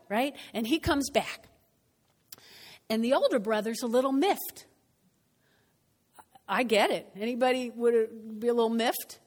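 A woman pastor preaching a sermon in a church, animated and conversational, often asking the congregation questions. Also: a little high. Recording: long church hall reverb.

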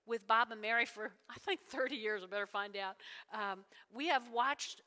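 A woman preaches a sermon with animated energy. Her voice is bright and sits somewhat high, and she keeps asking her listeners "all right?" and "right?". The sound rings out with the long reverb of a church hall. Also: normal speed. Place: church sanctuary.

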